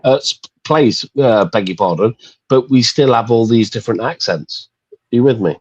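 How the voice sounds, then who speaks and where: A man with a Midlands English accent talks in a casual group chat, hammering his point home and dropping curse words. His voice is breathy and husky. The sound is dry and a bit dull, as if it came through a cheap mic. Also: mid-range voice, lively intonation, moderate pace, a little mellow, dry recording. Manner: emphatic, swears freely, says "mate".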